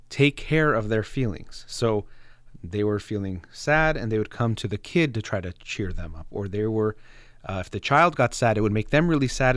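A man giving a thoughtful, measured explanation of parenting and feelings, trailing off softly at the ends of phrases and pausing with fillers. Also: lowish voice, no echo. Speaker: speaker on parenting and emotions. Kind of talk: reflective explanatory monologue.

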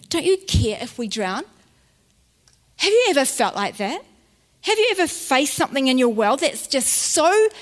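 A woman pastor with a New Zealand accent preaching a sermon, earnest and repeating phrases for emphasis. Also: sits high. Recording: long church hall reverb.

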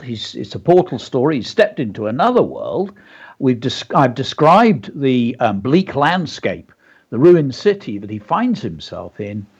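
A man's voice: mid-range voice, darkish tone, slightly rough, dull audio. A man co-hosting a radio lesson on creative writing, explaining techniques and reading a story aloud. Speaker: co-host and writing teacher.

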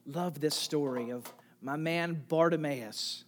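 A pastor with a mid-range voice preaches slowly, putting direct questions to the congregation and swinging from soft near-whispers to loud, emphatic calls. A little hiss or hum is audible.

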